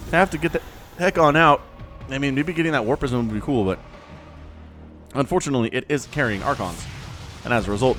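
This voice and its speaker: A man casting a strategy video game match on his own, excitable and chatty, laughing often and fighting the hiccups. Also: mid-range voice. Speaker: game commentator. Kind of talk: solo esports play-by-play commentary.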